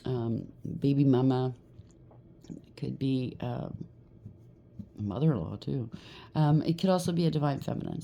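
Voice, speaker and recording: A woman talks through a tarot spread in an easy, chatty way, often stopping to ask "okay?" or "right?". Her voice sits low with a gravelly fry. The tone is dark and mellow. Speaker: tarot reader. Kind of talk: casual tarot card reading.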